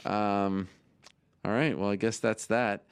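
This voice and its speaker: A man hosting a show, chatting casually and teasing his co-hosts with quick questions. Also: on the low side, fairly even intonation, smooth. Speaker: host. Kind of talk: casual chat.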